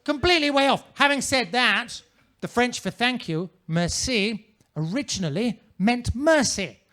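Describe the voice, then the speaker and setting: A man's voice: very high-pitched, lively intonation, measured pace, pushed and bright. A man performing a stand-up comedy set on a comedy club stage, in a pompous manner with ornate wording.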